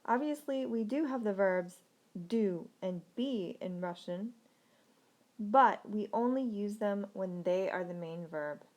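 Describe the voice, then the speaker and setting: Female teacher, mellow tone, clear and deliberate, slows for example sentences. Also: mid-range voice. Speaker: language teacher. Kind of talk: recorded language lesson.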